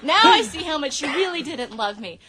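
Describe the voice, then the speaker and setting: Woman playing an overdramatic young girlfriend; high, bright, swooping voice. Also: very animated, a little fast, slight background noise, full character voice. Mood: melodramatic. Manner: melodramatic, giggly. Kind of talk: ad-libbed comedy sketch. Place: radio studio.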